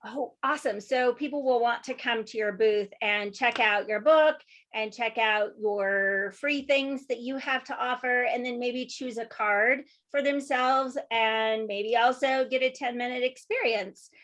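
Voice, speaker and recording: A bubbly woman hosts a casual interview to promote an expo, her voice sitting a touch high. She talks with eager enthusiasm and exclaims readily at what her guest says. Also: a little slow, hardly any pauses, fairly bright tone. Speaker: event host interviewing a vendor.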